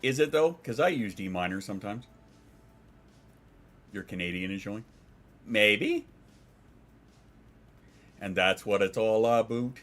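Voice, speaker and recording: A man's voice: fairly low pitch, unhurried, long pauses, a bit bright. A man streaming from home, chatting casually and rambling, swearing and reading out chat messages.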